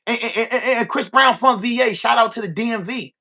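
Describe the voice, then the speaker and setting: A Baltimore man with a high, bright voice, ranting on a podcast. He talks with a Baltimore accent, curses a lot and hammers his points home by repeating them. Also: fairly quick, vocal fry. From Baltimore, USA. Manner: profane, emphatic, repetitive. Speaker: podcast host. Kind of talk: casual rant.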